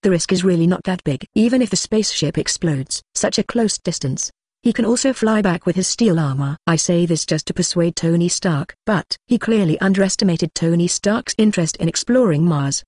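Text-to-speech narration, synthetic voice, middle pitch, dry close sound, even phrasing. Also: moderate pace, no echo. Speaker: audiobook narrator.

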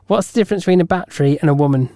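A man's voice: on the high side, racing, dark tone, dry recording. Laughing, teasing man co-hosting a podcast. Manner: laughs often, dry teasing humour. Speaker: podcast co-host. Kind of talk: casual chat.

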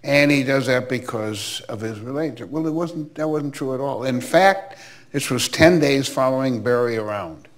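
This older Milwaukee man, once baseball commissioner, speaks in a mid-range voice at a moderate pace. Being interviewed, he warmly reminisces through anecdotes sprinkled with chatty asides.

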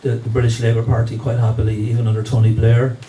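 A man's voice: medium pitch, level tone, quick pace, mellow. Hesitant man lecturing from afar. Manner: hesitant, many fillers and restarts. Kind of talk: academic history lecture. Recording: distant mic with faint room noise.

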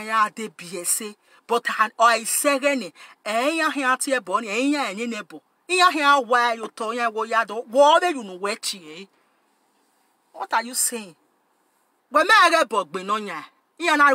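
A woman with a high, bright, sharp-edged voice talks straight at her audience in an emphatic rant. She repeats lines for force and slips between Pidgin and another tongue. The sound is close and dry, with no room around it. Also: no echo. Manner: emphatic, mixes Pidgin English and Yoruba, repeats phrases. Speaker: channel host. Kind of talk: animated direct-to-camera rant.

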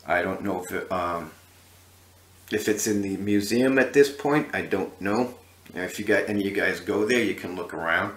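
A man's voice: low voice, moderate pace, reverberant. A man hosting a history channel, telling a story casually to the camera with many fillers and restarts.

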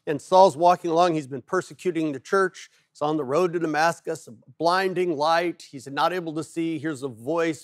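A man preaching a sermon as pastor, telling stories in an animated way with playful asides. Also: on the high side, moderate pace, few pauses, no room sound, clean studio sound.

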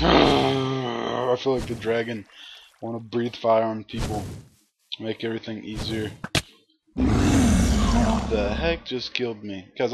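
Excitable male gamer over loud noise. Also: mid-range voice. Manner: excitable, frustrated outbursts, talks to viewers. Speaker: gaming commentator. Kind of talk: casual gameplay commentary.

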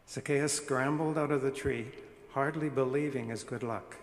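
A man reading a scripture passage aloud at a church service, measured and deliberate. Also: medium pitch. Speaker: scripture reader. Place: large church sanctuary. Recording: echoey church hall with long reverb.

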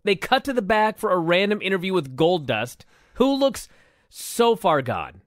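Casual podcast co-host, man, high voice with big swings, dry close sound, exasperated energy. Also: moderate pace, no room sound. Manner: animated, exasperated, swears and laughs. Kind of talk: casual chat reviewing old wrestling.

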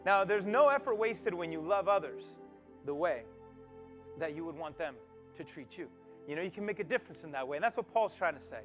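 A man's voice: a little high, animated, a little fast, fairly bright tone, soft background music. A man preaching a sermon as pastor. He talks conversationally, asks his listeners questions, and often repeats himself. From United States.

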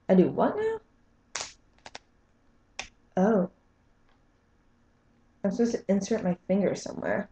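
A woman's voice: mid-range voice, wildly swooping pitch, slow, pauses often, dark tone, muffled recording, slight background noise. Young woman vlogging, grossed out and laughing at herself, roomy echo. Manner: squeamish, self-mocking, talking to camera. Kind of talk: casual cooking vlog. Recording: echoey room.

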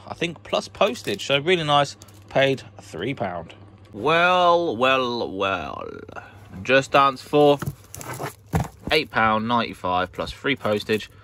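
A man chats through a casual vlog, wound up and playful. He cracks jokes and mutters asides to himself, in a voice that is neither high nor low. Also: fairly bright tone, slight background noise. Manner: hyper, jokey, talks to himself. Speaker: online reseller vlogger. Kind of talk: casual vlog while packing orders.

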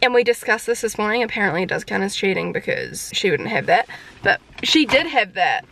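A woman's voice: mid-range voice, expressive, fairly quick, gravelly, fairly bright tone. A young woman with a New Zealand accent chatting casually in a vlog, joking and complaining as she goes. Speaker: vlogger.

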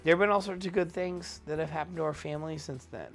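A man's voice: a little high, steady tone, quick pace, fairly bright tone, faint music behind. A drunk man in his thirties telling a rambling story, losing his thread and correcting himself as he goes.

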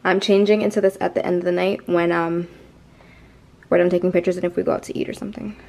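A woman's voice: on the low side, level tone, fast talker, darkish tone. A young woman in her twenties chatting casually to her vlog camera, out of breath, laughing often and using slang. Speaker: vlogger.

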